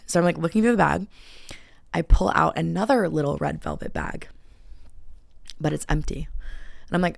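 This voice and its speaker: A young woman hosting her own show, telling stories in a loose, animated way with constant filler words and frequent swearing. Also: sits low, normal speed, gravelly, dry recording, clean studio sound. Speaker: podcast host. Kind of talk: casual chat. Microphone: camera and close mic.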